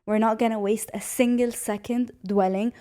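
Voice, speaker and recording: A woman's voice: on the high side, steady tone, normal speed, mellow. A young woman from Syria hosting her own podcast, talking with passion and repeating phrases for emphasis, with many fillers like "like". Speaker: podcast host. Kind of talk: personal solo podcast talk.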